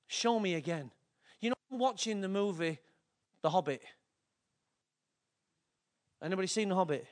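Male pastor with a very high voice, preaching an emotional, fervent sermon. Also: lively intonation, moderate pace. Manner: fervent, emotional, with big swings in pitch and loudness.

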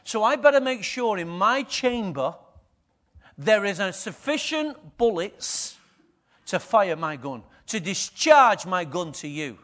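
A man's voice: sits high, big pitch swings, slow pace, fairly bright tone. A middle-aged man, preaching a conversational sermon and often asking the congregation questions. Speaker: pastor.

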